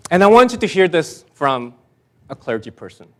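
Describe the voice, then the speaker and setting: Animated, high-voiced male pastor. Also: normal speed. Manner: storytelling, animated, self-deprecating, with restarts. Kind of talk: conversational sermon. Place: church.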